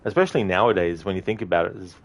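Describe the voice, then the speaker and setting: A man with a very low voice talks through a game in a loose, rambling commentary. He laughs often and swears offhandedly as he muses. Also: very fast, slight background noise. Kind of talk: casual gameplay commentary.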